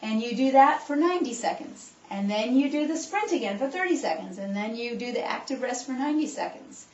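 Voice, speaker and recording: A woman chiropractor giving an animated exercise talk, coaching her listeners along as she demonstrates. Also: on the high side, fairly quick. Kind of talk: animated instructional talk to a group. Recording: echoey room, voice picked up from a distance, dull sound.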